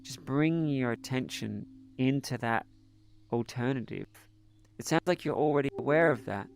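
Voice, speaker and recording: A man leading a live group mindfulness session, coaching participants in a gentle, encouraging way over an online call. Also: mid-range voice, moderate pace, gravelly, faint music behind. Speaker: meditation teacher leading a group.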